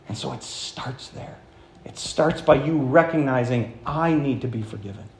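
A man preaching a sermon as pastor, animated, swinging from hushed passages to loud, high-pitched points. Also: reverberant. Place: church.

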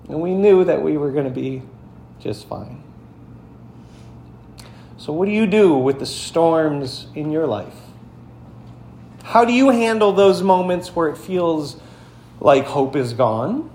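A man's voice: on the high side, darkish tone, a little hiss or hum. A male pastor preaching a sermon in a conversational, storytelling way, speaking straight to his congregation. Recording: echoey room, faint background ambience.

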